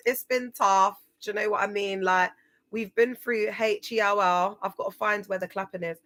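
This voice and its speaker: A woman's voice: on the low side, fairly quick, a bit bright. A young woman hosting a motivational livestream, talking in an emphatic, chatty way with slang and repeated phrases. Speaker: livestream host. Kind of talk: casual motivational livestream talk.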